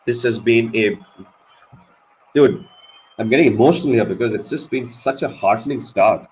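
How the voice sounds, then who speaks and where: A man giving live ball-by-ball cricket commentary on a watch-along stream, excitable and swearing at big moments. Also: medium pitch, moderate pace, low-quality recording. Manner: excitable, swears, animated reactions.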